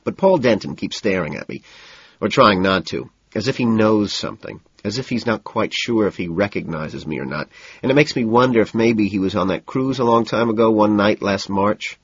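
Male narrator, first-person novel reading, low voice, lively intonation, husky, dry dull sound. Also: normal speed, no room sound. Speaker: audiobook narrator.

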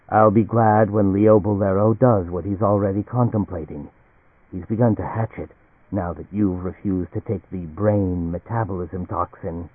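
A man voicing an ancient, weary male alien entity who speaks quietly and bitterly, with a mocking edge. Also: fairly low pitch, breathy edge, no room sound. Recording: dry, tinny phone-like audio.

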